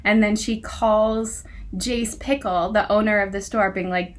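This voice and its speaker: A woman's voice: medium pitch, steady tone, unhurried. A young woman reviewing a book in casual chat, sarcastic, incredulous and giggly.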